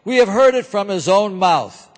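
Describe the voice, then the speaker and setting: Man voicing hostile male accusers, demanding tone, fairly high pitch, long church reverb. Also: expressive, moderate pace. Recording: echoey church hall.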